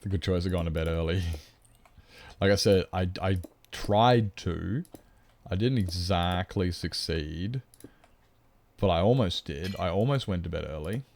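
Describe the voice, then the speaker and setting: A man's voice: unhurried, vocal fry, long pauses, a little mellow. A man chatting casually with viewers on a live stream, playful and teasing, putting on mock-whiny protests. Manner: playful, teasing, mock-whiny, squeaking up high when joking. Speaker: livestreamer. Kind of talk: casual livestream chat with viewers.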